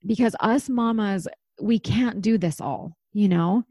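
A woman's voice: mid-range voice, a little slow, dark tone, no room sound. Candid thirties woman host, chatty and unfiltered, mid-range voice, close and dry. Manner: candid, chatty, swears casually. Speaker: podcast host. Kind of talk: casual chat.

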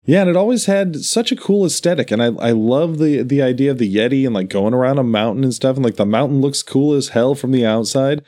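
A man's voice: medium pitch, quick pace, few pauses, mellow. A man chatting casually as a podcast co-host, telling stories in a meandering, enthusiastic way. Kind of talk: casual chat.

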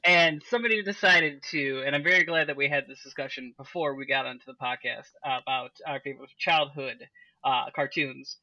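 A man's voice: medium pitch, fairly quick, sharp tone, no echo, muffled recording. A young man co-hosting a podcast, rambling in casual chat and breaking into laughter. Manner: rambling, many fillers and restarts, breaks into laughter. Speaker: podcast co-host.

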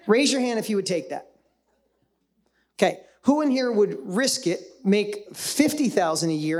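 A man giving a live motivational talk to an audience, energetic and punchy, often firing questions at the crowd. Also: on the high side. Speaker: motivational speaker.

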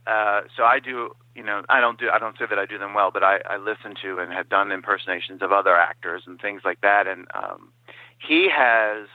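A man guesting on an interview, telling stories in a lively way and dropping into quoted impressions. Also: fairly low pitch, brisk, dry recording. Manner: animated storyteller who slips into quoted impressions. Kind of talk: casual interview over the phone. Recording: dry, tinny phone-line sound.

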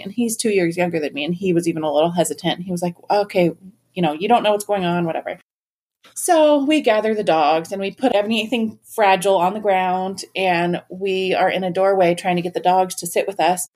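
Animated woman telling funny stories. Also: fairly low pitch, a little fast. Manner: animated, laughing, acts out quoted voices. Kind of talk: casual storytelling.

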